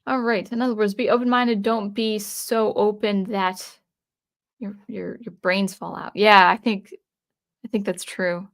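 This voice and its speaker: A woman's voice: mid-range voice, steady tone, measured pace. A woman in her thirties chatting casually on a livestream as host, rambling and candid, often correcting herself mid-sentence. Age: 30s. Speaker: channel host.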